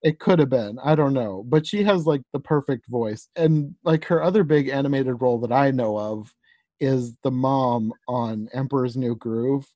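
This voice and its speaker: A woman's voice: rumbling low, normal speed, warm tone, no echo, dull audio. Chatty young woman with a dry sound. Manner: chatty, rambling, frequent "like" and laughs. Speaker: podcast co-host. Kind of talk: casual chat reviewing a movie.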